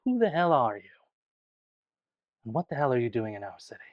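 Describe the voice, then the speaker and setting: A man doing a low, gruff gang leader. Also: big pitch swings, brisk, dry recording, dull audio, close to an everyday voice. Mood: suspicious. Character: gruff wary male adventurer gang leader.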